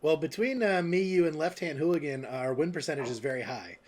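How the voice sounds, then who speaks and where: Hosting and commentating an online darts league broadcast, a man with a slightly high, slightly fast, somewhat mellow voice interviews players after their matches. His questions are loose, casual and rambling, full of fillers.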